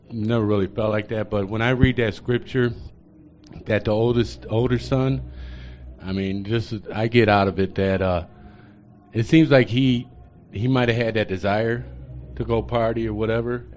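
A man's voice: lowish voice, normal speed, darkish tone, a little hiss or hum. A man in a Bible study group sharing a hesitant, reflective comment.

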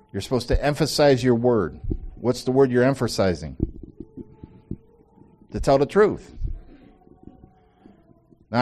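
Man, Bible study leader, informal teaching, repeats himself for emphasis, mid-pitched voice. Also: a little mellow. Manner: conversational, repeats phrases for emphasis, asks the group questions.

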